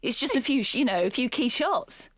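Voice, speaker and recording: Encouraging woman host with a lively voice. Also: a little high, no room sound, clean studio sound. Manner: encouraging, quick reactions and questions. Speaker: podcast host. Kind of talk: casual interview.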